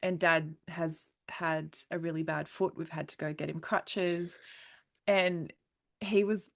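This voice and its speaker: A woman's voice: sits low, steady tone, slow pace, gravelly. A woman podcast host in casual conversation, chatty and laughing through her stories.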